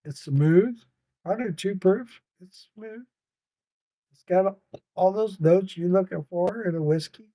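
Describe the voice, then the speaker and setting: A man's voice: sits high, animated, moderate pace, warm tone, no echo. A tired man hosting a casual late-night livestream podcast, reading viewers' comments aloud in a rambling, swearing, laughing way. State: tired, yawning. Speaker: podcast host reading live chat.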